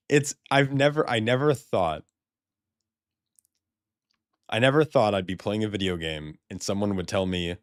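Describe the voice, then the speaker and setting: A man's voice: lowish voice, unhurried, pauses often, no room sound, clean studio sound. A man streaming a video game in casual chat, swearing, laughing often and stammering when surprised.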